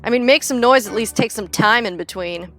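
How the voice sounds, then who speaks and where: A woman's voice: a little high, fairly quick, fairly bright tone, faint music behind. A young woman chatting casually on a gaming livestream, rambling and joking with frequent swearing. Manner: rambling, jokey, swears freely. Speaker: streamer.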